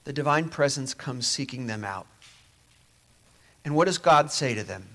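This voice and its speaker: A man's voice: medium pitch, expressive, moderate pace, long pauses. A man preaching a sermon in a conversational way, dropping to near-whispers at times. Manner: conversational, moving between quiet near-whispers and emphatic rises.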